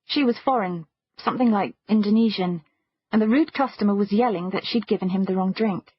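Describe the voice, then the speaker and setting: Husky-voiced woman narrating an audiobook. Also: medium pitch, no echo, lo-fi sound. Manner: measured storytelling. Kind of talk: first-person audiobook narration.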